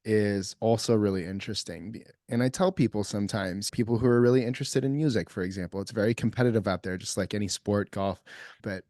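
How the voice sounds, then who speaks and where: A male podcast host with a low voice poses his questions thoughtfully, pausing to find the right words. The recording is dry, with no room echo around him. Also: dark tone. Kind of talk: conversational interview questions.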